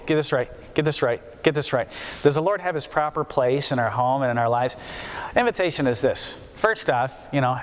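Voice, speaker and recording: A man preaches a sermon in a homespun, conversational way, often saying a phrase twice or three times to drive it home. His voice sits fairly high and sounds smooth and resonant. The long reverb of a church hall trails after his words. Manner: folksy, repeats phrases for emphasis.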